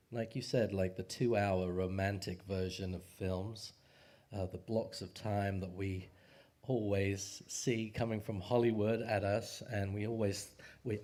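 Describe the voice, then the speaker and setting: A man giving a casual, joking sermon to his community, pausing often with fillers and restarts. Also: fairly low pitch, warm tone. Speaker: speaker at a spiritual community service.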